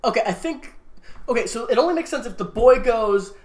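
A man's voice: very high voice, expressive, a little fast. A man in casual chat recapping a movie, joking and hamming up quotes in silly voices.

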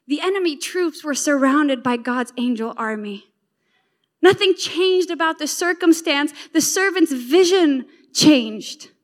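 A woman delivers a sermon in a high voice. She builds her points through emphatic repetition and retells the story with lively asides to her listeners. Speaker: preacher.

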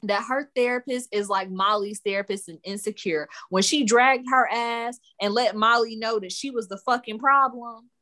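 A woman's voice: a little high, moderate pace, few pauses. A woman co-hosting a casual podcast, recapping a reality show in a blunt, sassy, profane way. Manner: sassy, blunt, profane, animated retelling with laughter. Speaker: podcast co-host.

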